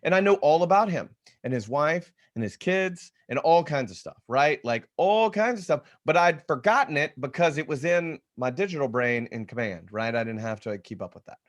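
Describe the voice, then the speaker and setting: A man teaching real estate agents on a video call, energetic and conversational, often restarting his sentences. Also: fairly high pitch, normal speed, hardly any pauses. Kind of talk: webinar teaching talk.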